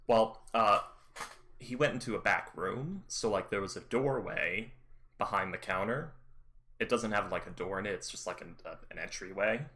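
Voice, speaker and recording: A man's voice: lowish voice, moderate pace, sharp tone. A man narrating a tabletop game as game master, rambling and correcting himself with many fillers.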